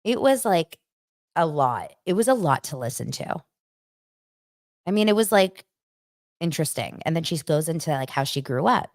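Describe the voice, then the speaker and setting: A young adult woman hosts a casual pop culture show, recapping celebrity news with animated stories, acted-out quotes, and plenty of "like." Her voice is low and expressive at a moderate pace, in a dry, studio-quality recording.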